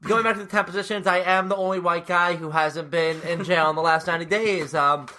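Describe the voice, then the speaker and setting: A young man in his twenties co-hosting a podcast, telling stories in a fast, animated casual chat. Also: a little high. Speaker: podcast co-host.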